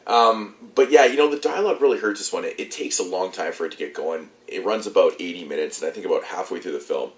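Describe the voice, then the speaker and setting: A man's voice: sits low, fast talker, few pauses, reverberant. A young man with a stuffed-up, congested voice, casually rambling through a movie review with loose, swearing chat.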